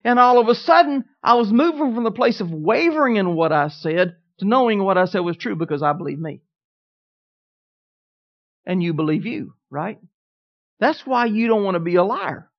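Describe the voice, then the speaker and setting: An emphatic preacher at mid pitch, driving home each line of the sermon and often putting questions to the congregation. Every declaration is repeated with more weight. The sound is dull and lo-fi. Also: animated, normal speed.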